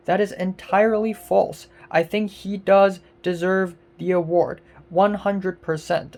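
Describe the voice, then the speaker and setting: A woman vlogger with a lowish voice launches into an angry, profane rant. She sounds exasperated, repeating words and breaking into bursts of loudness.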